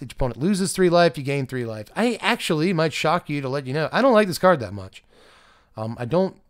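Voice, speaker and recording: A man with a strained voice hosting a card game channel, reading card text aloud and rating each card in a chatty, self-deprecating way. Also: fairly high pitch. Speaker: card game channel host reviewing a set. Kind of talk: casual solo review talk.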